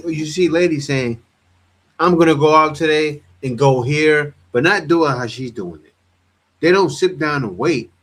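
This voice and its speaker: A man hosting a casual reaction commentary, talking bluntly and animatedly, often repeating himself. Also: medium pitch. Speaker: commentary host.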